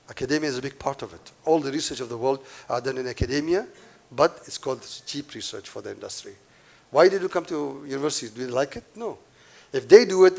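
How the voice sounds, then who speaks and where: A man giving a conference keynote to a live audience, emphatic and repeating his key points, with asides to the crowd. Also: medium pitch. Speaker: keynote speaker.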